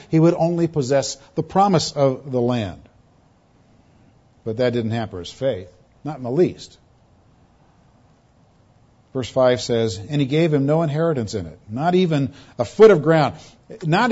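A man's voice: on the high side, a little mellow, muffled recording. A man preaching an expository sermon in earnest, repeating words and phrases for emphasis.

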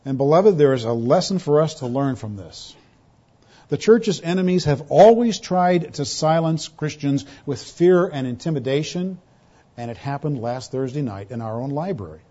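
A man's voice: expressive, moderate pace. Emphatic preacher man, dull lo-fi recording. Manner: emphatic, rising to loud pointed quotes then dropping to hushed lows. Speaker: pastor. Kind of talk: expository sermon.

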